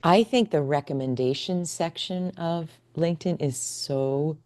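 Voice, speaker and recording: A woman's voice: low voice, unhurried. A middle-aged woman hosting a podcast interview, effusive and emotional as she chats with her guest. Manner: warm, effusive, emotional responses. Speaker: podcast host. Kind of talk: casual interview chat.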